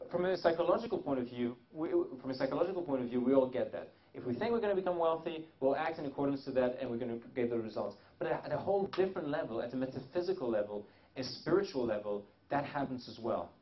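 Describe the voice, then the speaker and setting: Rambling male seminar presenter, lo-fi. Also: medium pitch. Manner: rambling, many restarts and fillers. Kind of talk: live seminar talk.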